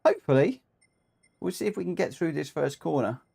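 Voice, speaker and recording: A man's voice: fairly high pitch, expressive, brisk, vocal fry, dark tone. A man chatting through a live racing game stream, rambling with frequent ums, a bit short of breath and coughing now and then. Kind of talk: live gameplay commentary.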